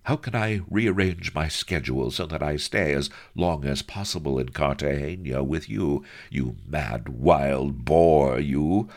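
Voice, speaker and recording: Male narrator doing a purring husky femme fatale, slow, low and gravelly. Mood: coy. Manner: husky murmuring purr. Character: seductive scheming woman, husky purr.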